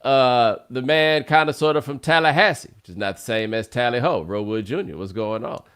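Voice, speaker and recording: Male podcast host, bright and forceful tone, playful and teasing. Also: mid-range voice, a little fast, clean tone. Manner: playful, laughs often, teasing. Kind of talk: casual talk show hosting.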